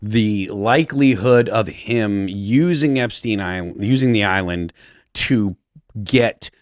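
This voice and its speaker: Deep man co-host, dry studio sound, measured speculative chat. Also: no echo. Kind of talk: casual panel discussion. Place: podcast studio.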